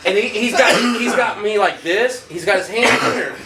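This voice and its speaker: A man, a former prisoner and podcast guest, telling stories casually, swearing often and loudly acting out the voices he quotes. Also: high voice, moderate pace, noisy background. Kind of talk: casual storytelling. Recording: roomy, distant mic, faint ambience.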